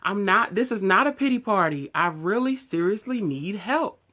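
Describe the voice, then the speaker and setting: A woman's voice: mid-range voice, animated, normal speed, a bit bright. A woman in her thirties, telling her own story to the camera in a raw, emotional and outspoken way, in loose casual speech. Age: 30s. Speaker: vlogger. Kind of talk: candid personal story to camera.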